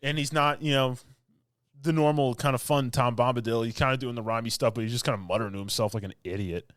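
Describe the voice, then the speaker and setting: A man's voice: mid-range voice, quick pace, fairly bright tone, no room sound, studio quality. A man co-hosting a podcast, ranting in casual chat with mocking mimicry and blunt complaints. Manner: ranting, exasperated, mocking quotes. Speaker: podcast co-host.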